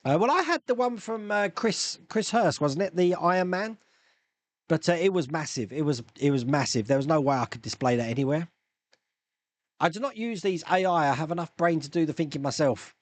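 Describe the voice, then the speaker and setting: A man hosting a casual live stream, chatting loosely and answering viewers' questions with rambling asides and quick laughs. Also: fairly high pitch, lively intonation, no room sound. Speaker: YouTube live stream host.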